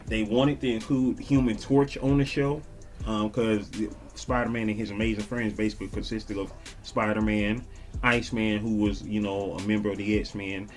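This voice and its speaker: A laid-back man talks casually in a slangy style, shouting out viewers as he reads their comments. His voice sits on the low side. Faint music plays quietly underneath. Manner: slangy and laid-back, peppered with "you dig". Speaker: vlogger reading viewer comments. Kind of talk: casual chat.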